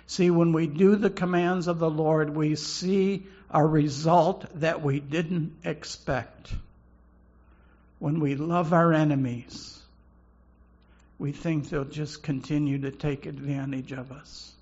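A man preaching a sermon slowly and haltingly, often repeating words as he goes. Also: a little high, level tone, darkish tone, lo-fi sound. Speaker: pastor.

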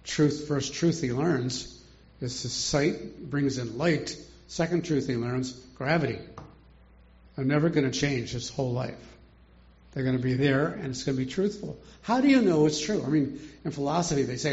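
A man's voice: medium pitch, normal speed, a little mellow. An older man teaching a Bible study in a chatty way, asking rhetorical questions and chuckling often, on a dull lo-fi recording.

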